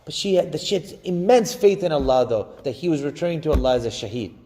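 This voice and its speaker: A man giving a Friday sermon, preaching with passion, slowing and swelling for emphasis and chanting Arabic phrases. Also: fairly high pitch, animated, warm tone. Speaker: imam giving Friday khutbah. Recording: long hall reverb.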